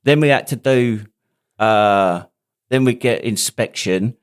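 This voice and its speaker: A man's voice: lowish voice, takes it slowly, smooth. A man, a podcast host and army veteran telling stories in casual, laughing banter. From United Kingdom. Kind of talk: casual chat.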